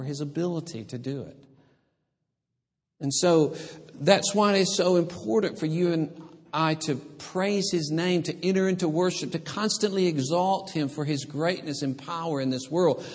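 A man preaching a sermon as a pastor, earnest and halting, with frequent restarts and fillers. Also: a little high. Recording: long reverb of a hall.

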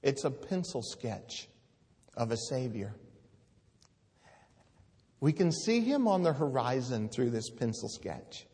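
A man's voice: medium pitch, very animated, slow, pauses often, dark tone, in a large hall. A man preaching a sermon, earnest and pleading, reading scripture aloud with rising force.

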